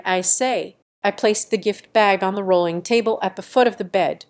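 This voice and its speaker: A woman narrating a first-person drama story in a calm, measured, dramatic way. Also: medium pitch.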